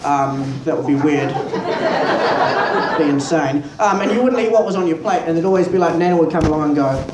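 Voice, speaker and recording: A young man with a New Zealand accent doing a stand-up comedy set, deadpan, profane and self-mocking. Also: fairly high pitch, fast talker. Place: small pub stage. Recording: echoey pub room, mic far off, noisy.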